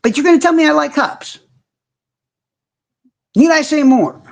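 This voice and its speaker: A man's voice: extremely high pitch, lively intonation, a little slow, creaky. A man hosting a casual livestream, ranting in heavy profanity and answering viewers' comments directly. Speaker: livestream host.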